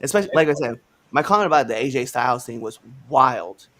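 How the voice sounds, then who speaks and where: A man in full rant mode on a casual livestream podcast, talking at a middle pitch with lots of swings in emphasis. He swears freely and pushes his points hard, heard through a home video-call setup. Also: fast. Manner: animated, ranting, swears freely. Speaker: podcast co-host.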